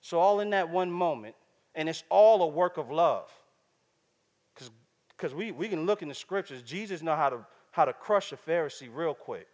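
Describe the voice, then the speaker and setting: A man's voice: fairly high pitch, lively intonation, moderate pace, darkish tone, long reverb tail. A man preaching a sermon in a casual, slangy, conversational way, often checking in with the crowd.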